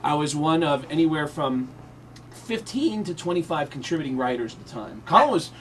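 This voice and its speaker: Comedian guest, a man in his thirties, a bit high-voiced, loose and chatty on radio. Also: animated, normal speed, a bit bright, a little hiss or hum. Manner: chatty, breezy storyteller with frequent fillers. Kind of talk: telling stories in a radio interview.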